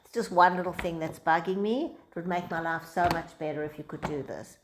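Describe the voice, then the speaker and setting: A woman's voice: lowish voice, fairly quick, background noise. A woman teacher giving an informal lecture to a small group, talking conversationally and acting out quoted dialogue in different voices.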